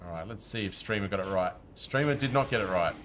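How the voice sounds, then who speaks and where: A man's voice: on the low side, expressive, quick pace, background noise. A man streaming a game, chatting casually with his viewers while he plays. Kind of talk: casual live-stream commentary.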